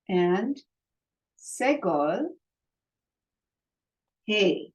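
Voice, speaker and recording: Slow, patient woman teaching Hebrew. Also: lowish voice, darkish tone, muffled recording. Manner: slow, patient, sounds out syllables for learners to repeat. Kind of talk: online language lesson.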